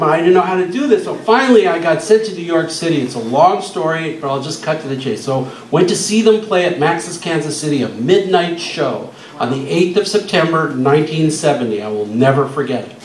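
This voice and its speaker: An older man stands in a music club telling an animated story, often laughing as he acts out quoted voices. His voice sits a little high for a man and carries a soft hiss beneath. It sounds roomy and off-mic, caught from a distance across the venue. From Canada. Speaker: guest speaker telling a story. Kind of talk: storytelling speech at an event. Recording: echoey club from far off.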